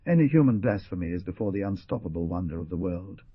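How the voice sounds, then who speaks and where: A man narrating an audiobook in a dramatic, expressive reading. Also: sits low, fast, slightly rough, dry recording. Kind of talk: scripted narration. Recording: dull lo-fi dry recording.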